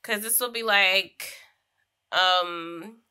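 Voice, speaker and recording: Bright-voiced chatty young woman gaming. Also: mid-range voice, extremely slow, smooth. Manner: chatty, laughs often, slangy asides. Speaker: gaming streamer. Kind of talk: casual Sims gameplay commentary.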